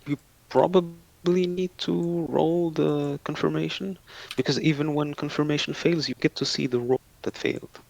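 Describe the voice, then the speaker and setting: A man's voice: a little high, steady tone, moderate pace, vocal fry, a little mellow. A man playing a tabletop game who sounds unsure, muttering to himself as he counts out his movement. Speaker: player. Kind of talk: casual tabletop game play.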